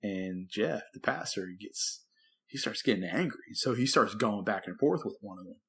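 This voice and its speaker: A man's voice: fairly low pitch, lively intonation, moderate pace, gravelly. A man, co-hosting a podcast and telling a rambling story from his youth ministry days, with many restarts and acted-out quotes. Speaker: podcast co-host, former youth pastor. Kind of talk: casual storytelling chat.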